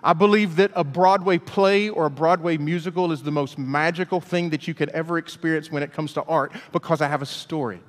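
Folksy preacher in a reverberant hall. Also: male voice, on the high side, brisk, hardly any pauses. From Alabama, US. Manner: folksy, animated storyteller. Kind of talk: storytelling sermon.

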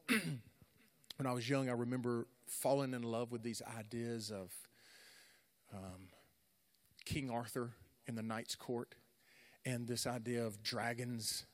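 A man preaching a sermon to young people, swinging between dramatic, loud storytelling and casual, conversational asides full of fillers and restarts. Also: mid-range voice. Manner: animated dramatic storytelling, rising loud in retellings.

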